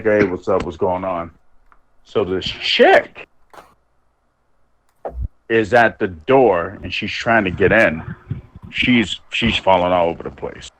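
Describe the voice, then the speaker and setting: Low-voiced man swearing through stories. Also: fairly bright tone, slight background noise, poor audio. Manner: rambling anecdotes, heavy swearing, acts out quotes. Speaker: podcast co-host. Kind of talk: casual storytelling chat.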